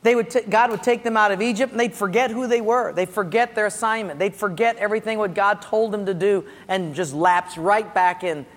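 A man preaching as a pastor, telling a lively story with acted-out voices before turning to his sermon. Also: sits high, fairly quick, hardly any pauses. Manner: animated storytelling with acted-out quotes and laughter. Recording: long hall reverb with faint ambience.

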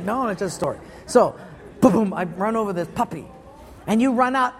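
A man's voice: sits high, expressive, a little fast, in a large hall, slight background noise. A man preaching a sermon, telling stories in a punchy, playful way. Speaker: pastor.

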